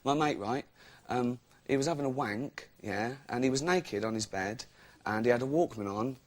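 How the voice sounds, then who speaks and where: A man's voice: mid-range voice, normal speed. Giggly man doing rambling stand-up. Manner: giggly, laughs mid-sentence. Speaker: stand-up comedian. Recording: loud hiss under the voice.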